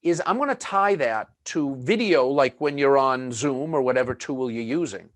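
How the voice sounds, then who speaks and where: A man's voice: medium pitch, lively intonation, moderate pace, no echo. A man presenting a webinar in a chatty, conversational way, full of fillers and asides.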